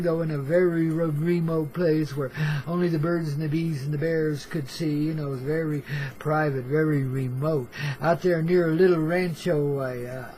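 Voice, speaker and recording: An older hippie storyteller rambles through his tale in a slightly high, easygoing voice. He sprinkles his talk with baby, man and you know. Faint hiss sits under the recording. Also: warm tone, low-quality recording. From Oregon. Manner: laid-back hippie slang, calls listeners baby and man. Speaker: storyteller host. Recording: faint background noise.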